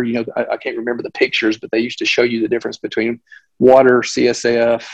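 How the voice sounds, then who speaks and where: This is a middle-aged male physician telling a case story to a host. His voice sits at a middling pitch. He is animated and full of restarts and side remarks. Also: fast, low-quality recording. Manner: animated, with frequent restarts and asides. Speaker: physician guest. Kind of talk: conversational storytelling.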